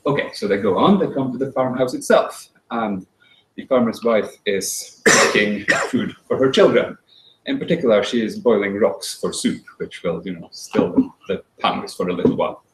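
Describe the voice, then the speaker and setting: A man giving a talk and telling a folk tale, with dry, wry humor and frequent halting restarts. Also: fairly low pitch, fairly bright tone, a little hiss or hum. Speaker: speaker. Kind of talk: storytelling talk. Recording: roomy echo.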